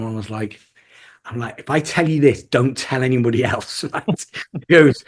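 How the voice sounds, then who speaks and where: A man's voice: mid-range voice, normal speed. A man telling casual stories in an interview, full of laughs and restarts, acting out quoted customers. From England. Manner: animated anecdotes with laughs and restarts. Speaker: guest, DJ and record shop worker.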